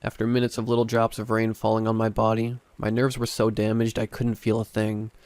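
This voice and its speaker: A man narrating a first-person horror story in a measured, dramatic way. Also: fairly low pitch, completely flat delivery, darkish tone, no room sound.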